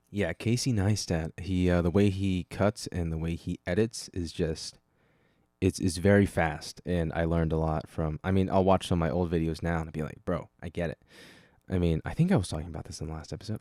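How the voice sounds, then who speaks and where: A young man with a low, mellow voice talks through a solo podcast in a loose, wandering way. He keeps cutting himself off and tossing in casual swears. The sound is close and dry, with no room around it. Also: dry recording. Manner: rambling, self-interrupting, casual swearing. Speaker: podcast host.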